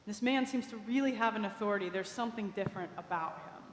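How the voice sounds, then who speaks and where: A woman's voice: medium pitch, fast. Woman preacher in an echoing cathedral. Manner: conversational, imaginative retelling with small asides. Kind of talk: storytelling sermon. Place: large cathedral. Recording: echoey cathedral with long reverb.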